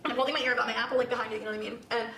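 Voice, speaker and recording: Rapid, dramatic high-voiced woman. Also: steady tone, fairly bright tone, echoey room, slight background noise. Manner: rapid, dramatic, swears a lot. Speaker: vlogger telling a story, clip played in a reaction. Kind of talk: storytime vlog.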